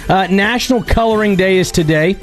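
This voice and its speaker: A man's voice: sits high, fairly quick, faint music behind. A man co-hosting a radio show, reading a list of the day's observances in an offhand way with asides. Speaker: radio co-host.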